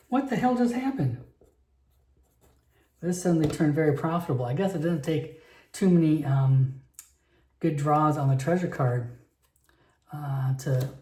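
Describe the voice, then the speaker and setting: A man's voice: fairly high pitch, mellow, a little hiss or hum. A man playing a solo tabletop game and narrating it in a rambling, chatty way, full of fillers and restarts, recorded in an echoey room.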